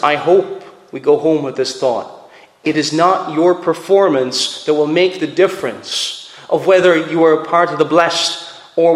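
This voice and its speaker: In a roomy church sanctuary, a pastor with a slightly high voice delivers an earnest, emphatic sermon to his congregation, doubling words to press each point. A long, lingering reverb trails his voice through the echoey hall.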